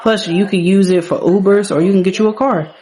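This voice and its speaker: A woman's voice: mid-range voice, fairly even intonation, brisk, mellow, lightly acted. A woman voicing a protective, caring middle-aged father in a life-sim game, speaking in a laid-back, plain-spoken way.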